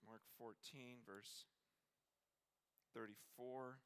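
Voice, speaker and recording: Impassioned preacher, man, forceful voice. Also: medium pitch, fairly even intonation, smooth. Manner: impassioned, swinging from hushed to near-shouting; halting restarts when moved. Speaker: conference preacher. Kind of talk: sermon.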